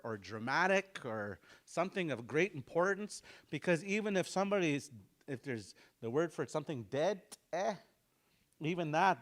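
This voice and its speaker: A man's voice: fairly high pitch, a bit bright. A man teaching a language class, explaining pronunciation patiently and repeating sounds aloud for students to copy. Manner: explains slowly, repeats sounds aloud for practice, chuckles often.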